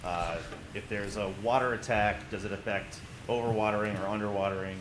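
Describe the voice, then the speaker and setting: A man's voice: lowish voice, steady tone, fairly quick. A man in the audience asking a long, multi-part question at a conference panel. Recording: echoey room with audible hiss.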